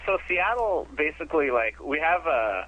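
A man's voice: on the high side, big pitch swings, normal speed, narrow, tinny audio, crowd noise. A man appearing as a podcast guest, speaking in laid-back casual chat and hedging with lots of fillers.

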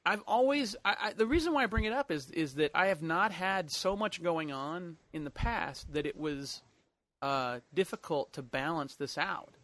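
A high-voiced man chatting as a podcast co-host, swinging up and down in pitch. He is excitable and jokey, and his voice sounds close and dry. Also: normal speed, no echo. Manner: excitable, jumps into high mock outbursts. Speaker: podcast co-host, webcomic creator. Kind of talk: casual chat.

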